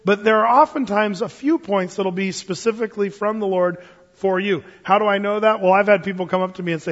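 Man, pastor, sermon, high voice, enthusiastic, animated, fillers, long church reverb. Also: fast, muffled recording.

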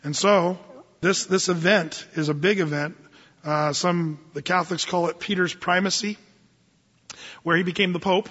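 A man preaching a sermon as pastor, animated and conversational, reading scripture slowly and deliberately. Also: high-pitched, big-room sound, dull audio.

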